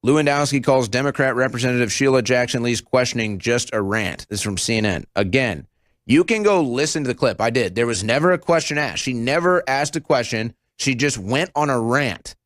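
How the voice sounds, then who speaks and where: A man's voice: mid-range voice, fairly quick, no room sound, studio quality. A man in his thirties hosting a political talk show, commenting with sarcasm and mocking impressions. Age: 30s. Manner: sarcastic, mocking, animated mimicry. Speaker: show host.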